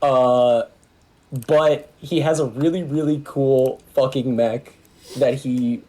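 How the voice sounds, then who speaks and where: A man playing a tabletop game, chatting casually in a halting, rambling way and swearing freely. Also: mid-range voice, steady tone, mellow, low-quality recording. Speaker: player.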